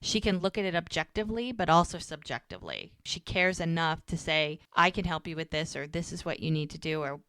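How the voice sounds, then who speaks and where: Lower-voiced woman retelling TV scenes. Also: expressive, brisk, few pauses, a bit bright, clear, resonant tone, dry recording. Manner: retells scenes by quoting characters, "he's like, she goes". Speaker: podcast co-host recapping a TV episode. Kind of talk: casual recap chat.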